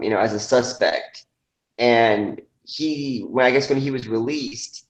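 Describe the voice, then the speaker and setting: A man's voice: medium pitch, echoey room, poor audio. A man co-hosting a podcast, adding facts in a hesitant, conversational way. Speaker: podcast co-host. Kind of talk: casual discussion.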